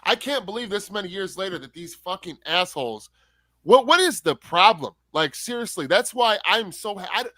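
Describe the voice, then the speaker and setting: A man with a high, bright, forceful voice co-hosts a livestream. He sounds exasperated and swears openly. His sound is dry and close. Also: lively intonation, normal speed, dry recording. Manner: exasperated, swears openly, calls people bro. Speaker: co-host. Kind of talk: heated casual chat.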